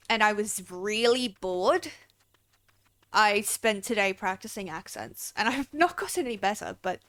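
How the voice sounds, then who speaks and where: A woman's voice: on the high side, fairly bright tone, no room sound. Chatty young woman streamer. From Australia. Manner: chatty, giggly, rambling with restarts. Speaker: game streamer. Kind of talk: casual livestream chat.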